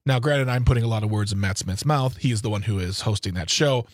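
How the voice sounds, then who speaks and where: A man's voice: on the low side, fast talker, no echo. A man on a studio talk show makes his case with energy, circling back over his points. The sound is close and dry. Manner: animated, argumentative, many "like" fillers. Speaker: radio show co-host. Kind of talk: casual talk radio. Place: radio studio.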